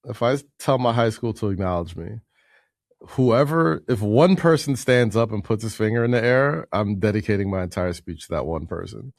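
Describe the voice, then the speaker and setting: A man's voice: lowish voice, normal speed, gravelly, no room sound. New york guy cohosting, laughs a lot, bouncy voice, dry mic. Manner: laughing, playful, lively ups and downs. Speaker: podcast co-host. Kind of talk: casual chat.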